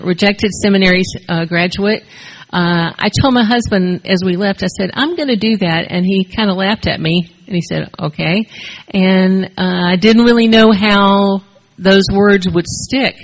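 An older woman sharing her personal story with a group at a recovery meeting, speaking haltingly with many fillers into a shared mic. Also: on the low side, vocal fry, rough recording. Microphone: shared handheld mic.

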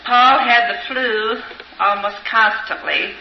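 An older woman giving an earnest, reflective personal testimony, pausing and hesitating as she tells her story. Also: a little high, vocal fry, a little hiss or hum. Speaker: speaker sharing recovery story. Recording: roomy, dull older recording.

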